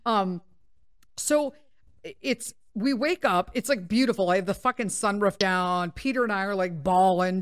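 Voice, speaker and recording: A woman podcast host telling a story in casual chat, animated and full of swearing. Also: fairly low pitch, clear, resonant tone, no echo, clean studio sound. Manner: profane, animated, laughing.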